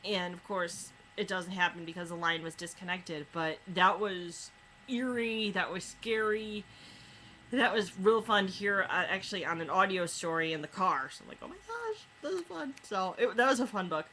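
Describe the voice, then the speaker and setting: A woman reviewing books in a casual chat, retelling stories with lots of fillers and quick asides. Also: lowish voice, steady tone, sharp tone, slight background noise, poor audio. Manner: chatty retelling with many fillers. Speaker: book reviewer.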